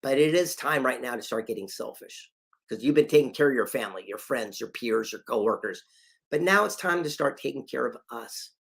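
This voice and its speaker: A man's voice: mid-range voice, animated, fairly quick, gravelly, fairly bright tone. A man giving a motivational talk over a call, telling anecdotes and acting out the people in them with emphatic delivery. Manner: storytelling, acts out quoted voices, emphatic. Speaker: motivational speaker.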